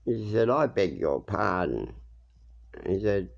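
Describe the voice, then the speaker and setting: A man's voice: sits low, very animated, measured pace, gravelly, lo-fi sound. A man telling meandering, jokey stories in a rambling monologue, drifting from one tale to the next. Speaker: monologue speaker. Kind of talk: rambling storytelling.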